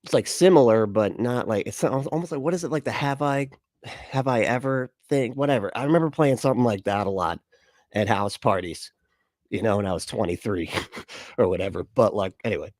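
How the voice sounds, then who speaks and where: A man in his thirties, low-voiced, gives casual reaction commentary. He rambles, swears freely and restarts his sentences. The sound is dry and close, with no room echo. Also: a little fast, darkish tone. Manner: rambling, profane, frequent restarts and laughs. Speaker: reaction video host.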